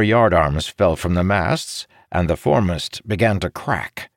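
A man narrating a fantasy story in an expressive, dramatic storytelling manner. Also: deep voice, measured pace, hardly any pauses, no room sound, studio quality. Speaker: audiobook narrator.

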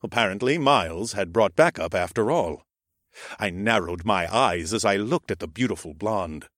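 A man narrating a first-person audiobook in an expressive, sardonic storytelling manner. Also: fairly low pitch, normal speed, no echo, clean studio sound.

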